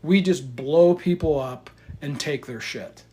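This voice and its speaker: A man's voice: on the high side, unhurried, a little mellow. A man hosting his own channel, reacting bluntly to a video clip, rambling with profanity. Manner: blunt, swearing, rambling asides. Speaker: commentary channel host.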